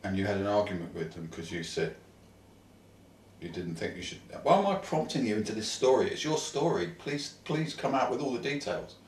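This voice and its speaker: A man's voice: on the low side, expressive, brisk, slight background noise. A man co-hosting a casual comic chat, prompting his partner and breaking into wry, theatrical rants. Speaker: co-host. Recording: roomy echo, distant mic.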